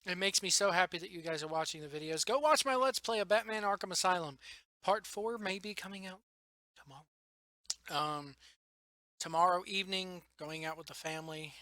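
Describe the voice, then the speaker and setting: A young man rambling excitedly about wrestling news in a casual vlog, tired late at night and laughing often. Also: high-pitched, a little fast, dry recording. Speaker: wrestling vlogger. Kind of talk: casual solo commentary.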